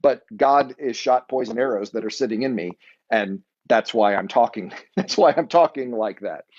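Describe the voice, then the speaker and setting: A man's voice: mid-range voice, a little mellow. Man teaching a Bible class, lo-fi. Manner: conversational, pausing to explain terms. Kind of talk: weekly Bible study lesson.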